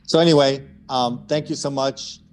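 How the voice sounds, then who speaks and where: A man's voice: medium pitch, steady tone, moderate pace. A man speaking at a conference, wrapping up his remarks before handing over to the host. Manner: brief wrap-up remarks, hands over the mic.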